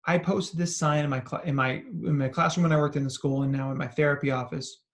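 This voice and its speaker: A man, a psychologist, giving an animated talk to parents and educators, telling stories and asking questions. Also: on the high side, fast. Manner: animated storytelling with acted quotes and asides. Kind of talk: expressive talk to an audience.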